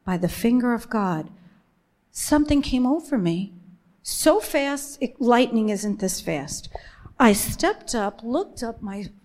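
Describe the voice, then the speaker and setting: A woman's voice: a little high, expressive, darkish tone. Earnest woman giving a faith testimony. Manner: earnest and emphatic, slows down on key phrases. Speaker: speaker sharing her faith testimony. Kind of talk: personal faith testimony to a women's gathering.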